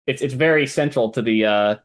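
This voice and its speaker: A man who is a guest on a film podcast, with a middling voice. He talks casually but hesitantly, often pausing on "uh" and restarting sentences as he recalls details. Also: mid-range voice. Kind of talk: casual chat.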